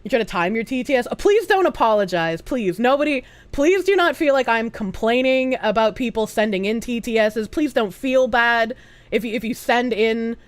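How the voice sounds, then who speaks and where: A woman's voice: a little high, lively intonation, normal speed, no echo. A woman streaming live, chatting casually with her chat, reading messages aloud and thanking donors with squeals.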